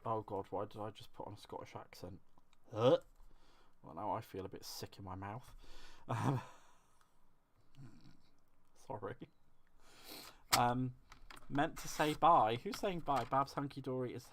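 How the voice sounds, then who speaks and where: On his crafting livestream, this man speaks at a measured pace with frequent pauses, his medium-pitched voice carrying a little hiss or hum. He chats casually, rambles, makes self-deprecating jokes and responds to messages from chat.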